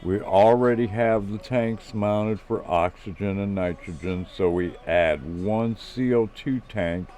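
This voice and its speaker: A man's voice: on the low side, slow, hardly any pauses, dark tone. A man reading the lines of an eager adult male inventor friend who uses Aussie slang and explains technical plans at length. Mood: earnest.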